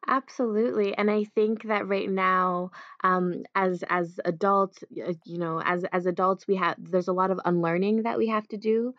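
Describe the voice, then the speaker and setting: A woman's voice: mid-range voice, fairly even intonation, moderate pace, few pauses, dry recording. A young woman, an author, answering interview questions over a video call, thoughtful and hesitant with many fillers. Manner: thoughtful, many "um"s and repeated words. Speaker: author and guest. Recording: dry, dull video-call audio.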